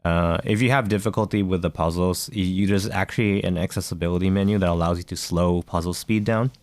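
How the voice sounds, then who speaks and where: A man's voice: sits low, steady tone, a little fast, a little mellow, no room sound. A man co-hosting a podcast in casual chat, rambling with many fillers and restarts. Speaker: podcast co-host.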